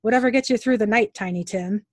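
A woman's voice: mid-range voice, fast talker, dry recording, close to an everyday voice. Sneering mocking demon lady, read out by a woman, dry close sound. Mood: taunting. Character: taunting demon possessing a woman.

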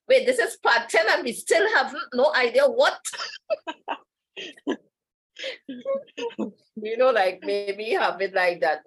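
A woman's voice: mid-range voice, unhurried, long pauses, fairly bright tone, low-quality recording. Chatty woman guest. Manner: chatty, meandering, laughs often. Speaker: podcast guest. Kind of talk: casual interview chat.

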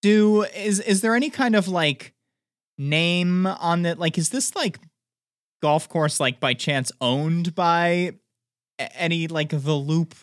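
A woman's voice: on the low side, slow pace, dry recording, clean studio sound. A woman playing a tabletop game, thinking aloud hesitantly with restarts. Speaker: player.

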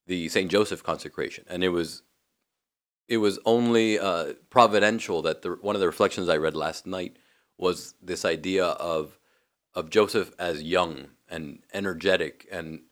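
A man's voice: low voice, a bit bright. A man co-hosting a podcast, chatting in a reflective way and leaning on "you know" throughout. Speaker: podcast co-host. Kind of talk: casual podcast chat.

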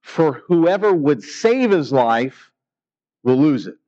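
A man's voice: fairly high pitch, sing-song, takes it slowly, mellow, muffled recording. A man preaching a sermon in an earnest, emphatic way, asking rhetorical questions. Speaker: pastor.

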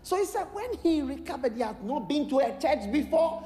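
A man with a Ghanaian English accent preaching a sermon, telling a story with lively acted-out voices and bursts of shouted prayer. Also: very high voice, a little fast, hardly any pauses. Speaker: bishop preaching. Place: large church hall. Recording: echoey large hall, live sermon.

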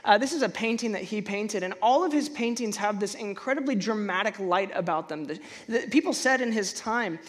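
A man preaching a sermon in a conversational way, stumbling and restarting often, then bursting out loudly when he acts out a feeling. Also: high-pitched, a little fast, few pauses. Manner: animated, conversational, frequent restarts and stammers. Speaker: pastor.

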